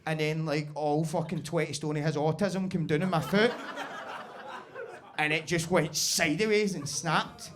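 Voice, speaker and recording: A young Scottish man telling a sweary story on stage as compere of a comedy night, excitable and laughing at his own tale. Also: a little high, measured pace, noisy background. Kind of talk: stand-up storytelling. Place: basement comedy club.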